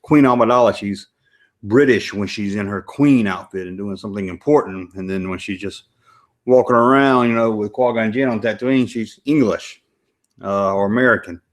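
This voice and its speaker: A host with a Southern American accent and a lowish voice chats and rambles at a moderate pace during a live stream. It's casual commentary as he reacts to a movie.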